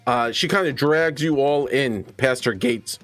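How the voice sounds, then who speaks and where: A man's voice: medium pitch, a little slow, fairly bright tone, faint music behind. Laid-back man narrating a tabletop game. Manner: loose, hesitant with fillers. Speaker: game master.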